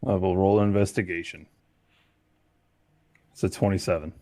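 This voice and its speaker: A man's voice: deep voice, steady tone, normal speed, mellow, no echo, clean studio sound. A man playing a tabletop game, laid-back and joking as he describes his moves. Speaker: player. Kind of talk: casual tabletop play.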